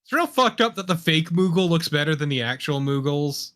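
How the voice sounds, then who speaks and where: A man's voice: a little high, lively intonation, a little fast, a bit bright. A man co-streaming a video game, chatting in a wry way and swearing casually. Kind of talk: casual gameplay commentary.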